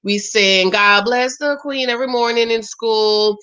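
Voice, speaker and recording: A Jamaican woman in her forties hosts a live watch-along, greeting her viewers and chatting and exclaiming as she reacts to a show. Her voice is fairly high, bright and forceful, with a clean tone and a measured pace.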